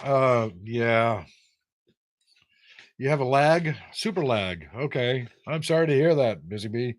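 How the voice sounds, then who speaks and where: Speaking slowly with an animated, mid-range voice, an older US man runs a casual trivia livestream. Teasing and wry, he reads viewer names and answers aloud and jokes back at them in live-chat banter.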